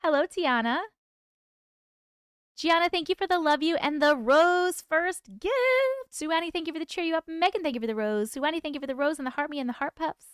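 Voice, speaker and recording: A woman's voice: sits high, fairly quick, fairly bright tone, no echo, clean studio sound. A woman hosting a casual livestream chat, greeting viewers by name, reading their comments aloud and laughing often. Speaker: livestream host.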